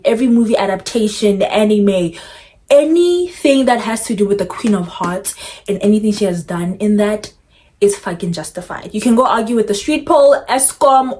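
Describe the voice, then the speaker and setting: A woman's voice: medium pitch, a little mellow. A young woman, a book vlogger chatting casually and emphatically. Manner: emphatic, dramatic, outspoken. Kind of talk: casual vlog chat.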